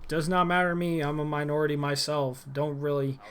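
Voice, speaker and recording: Young man, casual vlog rant, irritated and rambling, voice slightly higher than usual. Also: fairly even intonation, brisk, smooth. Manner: rambling and irritated, many restarts and fillers. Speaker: former gym employee.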